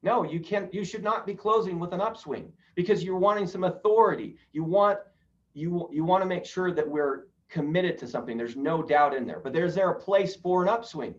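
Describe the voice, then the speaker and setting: A man with a fairly high voice runs a live sales training, talking his trainees through each point and tossing questions to the group before answering them himself. He sounds set back from the mic. The audio is muffled and lo-fi. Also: normal speed. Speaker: real estate sales trainer. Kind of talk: live training talk on rapport. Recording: distant, dull lo-fi sound.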